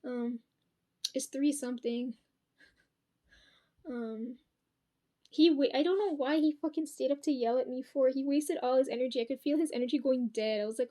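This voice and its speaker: Young woman, higher voice, a bit hoarse. Casual vlog storytime, rambling, swears a lot, frequent ums. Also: normal speed, long pauses, mellow. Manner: rambling and profane, many ums and restarts. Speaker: vlogger. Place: at home.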